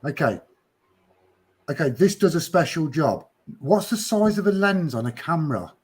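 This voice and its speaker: Sarcastic man, soft husky voice. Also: fairly high pitch, big pitch swings, normal speed. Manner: blunt, sarcastic, swears freely. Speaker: podcast host. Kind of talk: casual chat.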